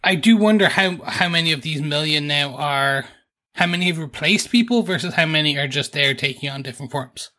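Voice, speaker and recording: A man co-hosting a podcast, animated and jokey, musing aloud with questions in casual chat. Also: fairly high pitch, a little fast. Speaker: podcast co-host.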